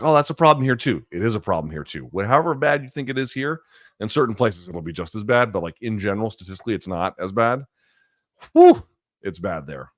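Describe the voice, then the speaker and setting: A man hosting a live stream, chatting casually and answering viewer questions in quick, talkative bursts. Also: fairly low pitch, no echo, clean studio sound. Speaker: host.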